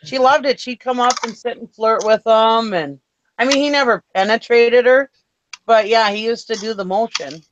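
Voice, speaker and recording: A woman's voice: fairly high pitch, moderate pace, lo-fi sound, slight background noise. A woman chatting casually on a live show, laughing often between stories.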